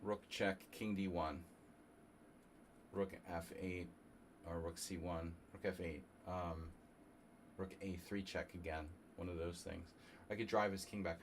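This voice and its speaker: A man from New Jersey streaming a chess simul, thinking aloud in a halting, casual way and coughing now and then. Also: sits low, fairly even intonation, slight background noise. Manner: halting, muttering through chess moves with fillers.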